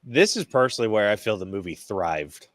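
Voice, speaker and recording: A man co-hosting a podcast in casual movie review chat. He is excitable, swears freely and acts out scenes in quick quoted voices. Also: fairly low pitch, dry recording. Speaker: podcast co-host.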